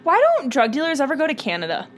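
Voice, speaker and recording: A young woman co-hosting a casual podcast, teasing and tossing in quick jokes. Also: sits high, big pitch swings, slight background noise. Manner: teasing, quick joking interjections. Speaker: podcast co-host. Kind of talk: casual chat.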